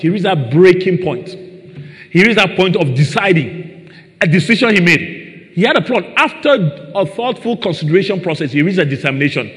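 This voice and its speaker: A man preaching a sermon to a congregation, reading scripture and stressing his points with "Praise the Lord" and questions to the listeners. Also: on the high side. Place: church hall. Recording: long reverb of a hall.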